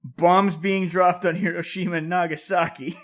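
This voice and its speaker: A man's voice: high voice, flat delivery, moderate pace. A young man co-hosting a podcast, in laid-back casual chat with casual swearing. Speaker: podcast co-host.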